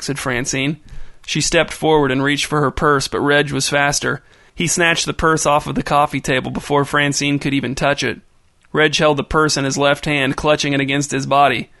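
A man narrating a story in an even, storytelling manner. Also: mid-range voice, moderate pace, gravelly, no echo, studio quality. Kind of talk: audiobook narration.

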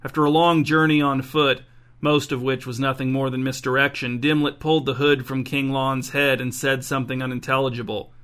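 A man reading a storybook aloud as narrator, in an even, dry storytelling manner. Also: medium pitch, brisk.

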